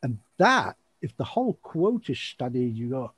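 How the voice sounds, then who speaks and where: A man hosting an online show, chatting casually in a rambling, animated way and laughing often. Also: mid-range voice, moderate pace, hardly any pauses, slightly rough, no room sound. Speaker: show host and magician.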